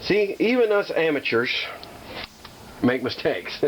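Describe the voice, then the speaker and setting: Chatty man talking himself calm. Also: fairly high pitch, slow pace, slight background noise, poor audio. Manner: talks himself down, repeating calming phrases in a singsong way; self-deprecating, chatty with viewers. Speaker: hobbyist restoring a slot machine. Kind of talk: casual workshop vlog.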